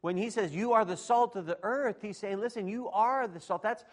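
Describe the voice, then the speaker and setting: A middle-aged man preaching a sermon, emphatic, dropping to quiet asides and rising to shouts. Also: high-pitched, normal speed. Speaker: pastor.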